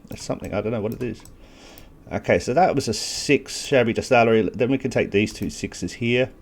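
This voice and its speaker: A man's voice: mid-range voice, brisk. A man hosting a gaming channel, talking casually through a strategy game walkthrough, thinking aloud with self-deprecating asides while he has the hiccups. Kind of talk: gameplay walkthrough commentary.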